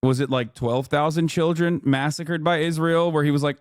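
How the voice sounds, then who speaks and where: A man's voice: on the high side, steady tone, fairly quick, few pauses, dry recording, studio quality. A man streaming, reacting to a video with sarcastic, profane, mocking commentary.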